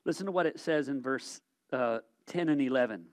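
A man preaching a sermon, emphatic, swinging between loud exhortation and quiet reflection, often repeating words as he thinks aloud. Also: mid-range voice, moderate pace, hardly any pauses.

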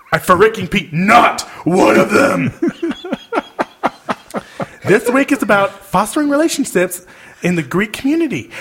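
On a casual podcast, a young male co-host whose voice sits high, fairly bright and slightly rough, reads out an email. He feigns outrage as he goes, laughing in between the lines.

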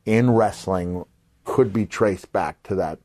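An older man hosting a podcast, telling animated stories and acting out the voices of people he quotes, sometimes jumping to a shout for a punchline. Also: low-pitched, slow pace, no room sound. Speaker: podcast host. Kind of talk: casual storytelling.

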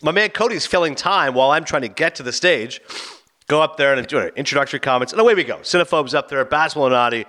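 A man in casual radio-show chat, telling an animated story and acting out bits of dialogue. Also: a little high. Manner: animated, acts out dialogue in quick bursts.

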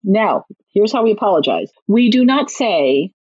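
A woman with a husky, slightly breathy voice gives parenting advice in a casual interview, animated and quick to act out little bits of dialogue. The sound is dry and close, a touch dull and lo-fi. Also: mid-range voice, no echo. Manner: animated, acts out parents' and kids' lines in quick asides. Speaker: guest parenting author and clinical social worker.

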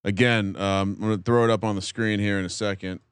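Stammering excitable podcast man. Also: lowish voice, fairly quick, clear, resonant tone, no room sound. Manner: stammering, excitable, swears casually. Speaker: podcast co-host. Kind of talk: casual fantasy draft banter.

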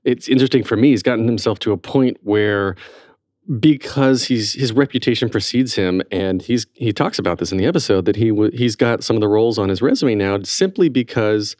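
A man hosting a theater podcast, chatty and upbeat with quick asides, recorded on a studio mic. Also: on the low side, darkish tone, no echo. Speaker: podcast host. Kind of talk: conversational podcast interview.

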